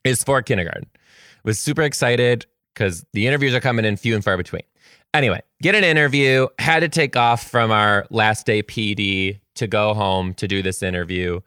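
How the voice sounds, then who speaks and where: A man who teaches kindergarten, telling a story to his viewers in a gushing, animated, chatty way. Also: on the low side, normal speed, smooth, dry recording, clean studio sound. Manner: chatty with frequent "like" fillers.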